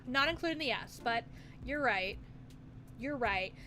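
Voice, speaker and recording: A woman's voice: on the high side, expressive, normal speed, sharp tone, slight background noise. A woman streamer in casual live-stream chat, giggly, playful and rambling as she muses aloud.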